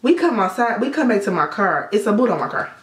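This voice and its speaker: With a medium-pitched, sing-song voice, this beauty vlogger talks fast and swears frequently as she tells stories during a casual makeup tutorial. She's indoors at sunset, and her voice echoes with reverb.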